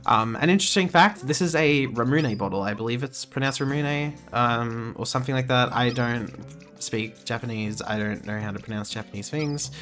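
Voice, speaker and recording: A man's voice: mid-range voice, a little fast, a bit bright. Rambling young man narrating a game. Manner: rambling, easily sidetracked, many fillers and restarts. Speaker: gaming channel host. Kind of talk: casual let's-play commentary. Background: game music.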